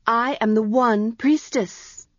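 A haughty, fierce young priestess girl from a storybook, read out by a woman. She speaks with scorn, slowly and deliberately, pitched a little above the reader's own voice. The recording is dull and dry. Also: dry recording.

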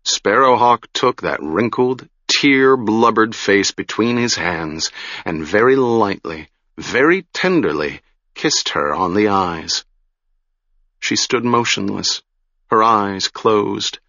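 A man narrating a fantasy audiobook in a measured, deliberate storytelling manner. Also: on the low side, expressive, sharp tone, dry recording, highs cut off.

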